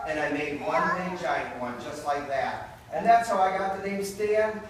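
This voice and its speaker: A man performing a magic show for children, telling a lively story and often calling the kids "you guys," recorded indoors at a daycare center by a distant camera. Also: high voice, moderate pace, few pauses. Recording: very echoey room, from far off, noisy.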